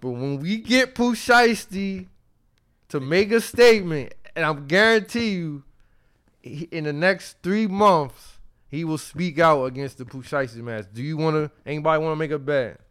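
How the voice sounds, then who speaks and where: A man hosting a podcast in casual chat, reading listener emails aloud in an animated, slangy way and laughing along. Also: on the high side, moderate pace, smooth. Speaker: podcast host.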